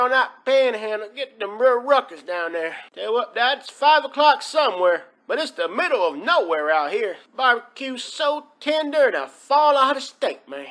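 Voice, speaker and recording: A man with a very high-pitched, somewhat bright voice hosts a comedic countdown video. He talks in a rambling, folksy, exaggerated drawl.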